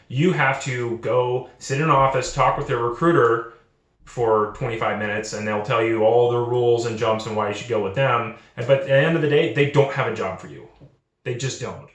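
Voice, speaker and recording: A man's voice: medium pitch, reverberant. A young man giving casual advice to junior developers, earnest, often repeating and restarting his words. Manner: acts out quoted recruiters in lively voices. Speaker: channel host.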